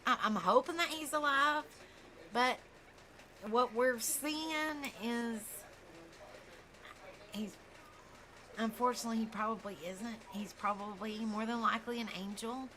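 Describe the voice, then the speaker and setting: A woman's voice: a little high, measured pace, pauses often, sharp tone. A woman hosting true crime reaction commentary, talking straight to her viewers, outspoken, often stumbling over words.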